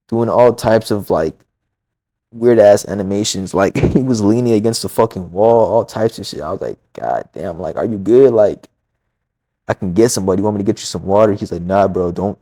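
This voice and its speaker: A man's voice: on the low side, moderate pace, warm tone. A man casually retelling a personal story, rambling and profane, acting out quoted dialogue.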